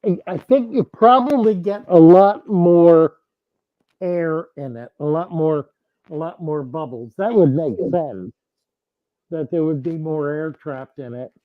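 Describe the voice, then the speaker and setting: Man, casual livestream host, slow unhurried talk, halting restarts, dull lo-fi dry sound. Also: a little high, dry recording. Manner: halting, thinking aloud with frequent restarts. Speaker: host answering viewers.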